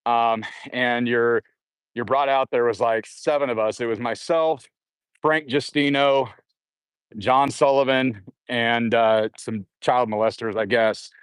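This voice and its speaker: A man telling a long personal story in a casual way, full of fillers and restarts, who puts on higher voices when quoting others. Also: fairly even intonation, a little slow, fairly bright tone, clear, resonant tone, no echo. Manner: rambling with frequent fillers and restarts; acts out quoted voices in a raised pitch. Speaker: guest recounting jail time.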